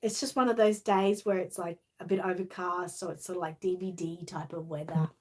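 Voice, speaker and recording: With slight background noise, an Australian woman hosts a livestream, her lowish, darkish voice fairly even in intonation and a little fast. She rambles sleepily through casual, filler-heavy chat, then reads a children's storybook aloud.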